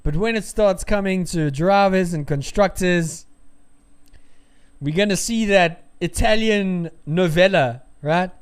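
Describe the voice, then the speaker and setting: High-voiced excitable male race commentator. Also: takes it slowly, smooth. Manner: excitable, bursts into loud cheers; rambling, hedging with fillers.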